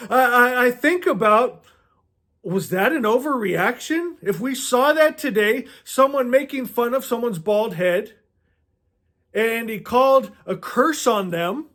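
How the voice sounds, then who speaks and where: A man's voice: very high-pitched, a bit bright. A man giving an impassioned preaching monologue as a spiritual speaker, stammering and restarting often and firing off rhetorical questions.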